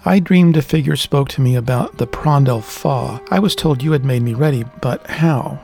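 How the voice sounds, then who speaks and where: A man's voice: mid-range voice, normal speed, creaky, darkish tone, soft background music, lightly acted. A man voicing a weary, sickened young man who pleads in a strained voice for answers. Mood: pleading, weary.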